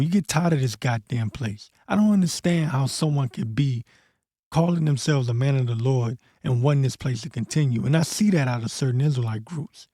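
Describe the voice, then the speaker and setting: Dark-voiced, blunt, profane man. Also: mid-range voice, dry recording, studio quality. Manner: reads scripture slowly and deliberately. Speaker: host of a prophecy commentary channel. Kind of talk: casual scripture commentary.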